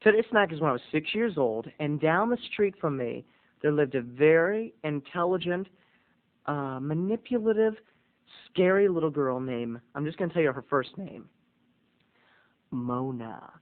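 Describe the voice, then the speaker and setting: A man hosting a video blog, telling a comic story with theatrical swings between booming and hushed. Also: animated, normal speed. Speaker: vlog host. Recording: tinny phone-like audio.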